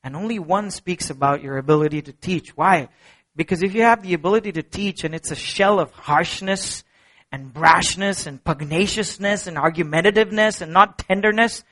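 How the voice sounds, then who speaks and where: A middle-aged man preaching a sermon as pastor, earnest and emphatic, swinging from soft low passages to ringing peaks. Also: brisk.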